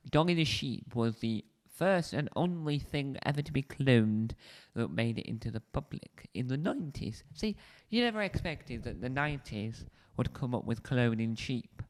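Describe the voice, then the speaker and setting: Animated and talking at normal speed with hardly any pauses, this man has a mid-range voice. He's a video host doing a casual solo show review, chatty and rambling, often correcting himself. He sits indoors on a squeaky spinny chair, close to a desk mic.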